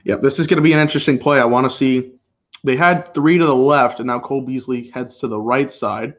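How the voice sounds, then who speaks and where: On lo-fi audio, a brisk man with a mid-range voice co-hosts a live football reaction stream. Relaxed and often laughing, he keeps up casual commentary, calling plays the moment they happen.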